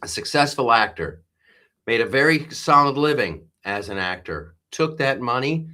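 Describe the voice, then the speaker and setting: A man's voice: mid-range voice, lively intonation, normal speed, bright, forceful tone. A man hosting a live stream, rambling through commentary with frequent restarts and laughing at his own jokes. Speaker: host.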